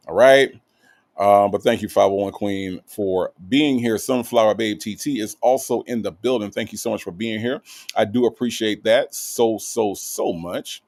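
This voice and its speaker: A man's voice: fairly low pitch, darkish tone, no echo. A man hosting a live video-call stream, chatting casually and reading viewer comments, often apologizing and checking in with "okay?". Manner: apologetic, repeats okay and all right a lot. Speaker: host of a true crime live stream.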